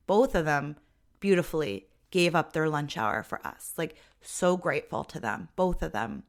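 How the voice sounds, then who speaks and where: Chatty, expressive woman with a lowish voice. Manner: chatty and expressive, with frequent "like" and an occasional laugh. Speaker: podcast host and mother. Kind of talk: casual personal monologue.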